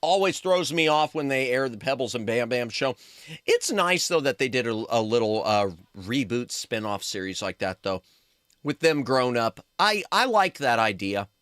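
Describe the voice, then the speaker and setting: A man's voice: mid-range voice, very animated, normal speed, a bit bright, clear, resonant tone, no echo, studio quality. A man chatting casually with his viewers while streaming, rambling and reacting to chat.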